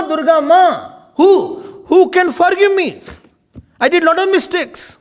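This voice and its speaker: High, lively-voiced swami preaching. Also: male voice, a little slow. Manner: animated teaching, often laughing, mixing in Hindi and Sanskrit terms. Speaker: swami giving a spiritual talk. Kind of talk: sermon.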